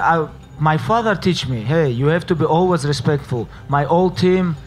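A fighter answering questions in earnest, non-native English with loose grammar. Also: male voice, on the high side. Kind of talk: interview answers.

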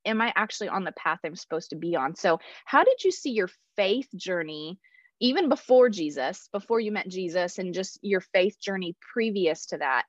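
A woman's voice: on the low side, lively intonation, normal speed, no room sound, highs cut off. A woman with a Texan accent hosting a casual faith podcast interview, chatty and affirming, asking long rambling questions. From Texas. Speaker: podcast host.

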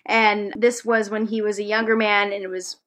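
A woman co-hosting a casual podcast, chatty and quick to giggle, presenting from her notes. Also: mid-range voice, little pitch movement, fairly bright tone. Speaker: podcast co-host.

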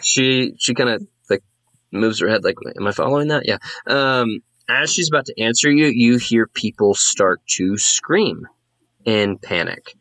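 A man's voice: on the low side, animated, measured pace, fairly bright tone, dry recording. A man running a tabletop game as game master, describing scenes and calling for rolls. His narration is casual and loose, with plenty of ums and restarts. The recording is dry with no room sound. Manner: casual, filler-heavy narration.

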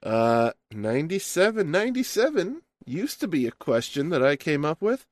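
A man's voice: on the high side, big pitch swings, normal speed. A man hosting a podcast, reading out a listener question in a chummy, folksy way. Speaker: podcast host.

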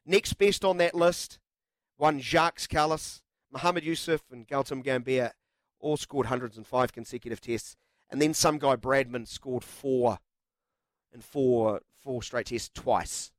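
A man's voice: mid-range voice, steady tone, measured pace, dry recording. A man hosting live sports talkback radio in a studio, chatty and jokey with lots of filler words. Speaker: radio sports show host. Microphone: studio microphone.

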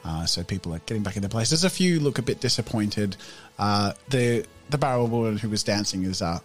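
Brief: male game master, relaxed narration with fillers, animated. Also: on the low side, a little fast, soft background music. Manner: casual, many fillers.

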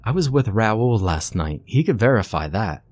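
A man's voice: fairly low pitch, sing-song, moderate pace, darkish tone, voice pushed up. A man voicing a confused young woman in a spoken horror story, speaking urgently and stammering. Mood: panicked.

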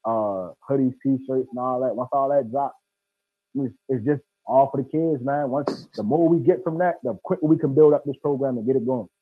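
A man in his twenties speaking as an interview guest, slangy, slow and earnest. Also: medium pitch, husky, dry recording, narrow, tinny audio. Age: 20s. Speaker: guest, nonprofit founder. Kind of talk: casual interview.

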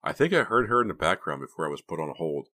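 A man's voice: rumbling low, sing-song, fast, pushed and bright, full character voice. A man voicing an anxious teenage girl in an audiobook, with uneasy, nervous questions. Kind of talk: audiobook reading.

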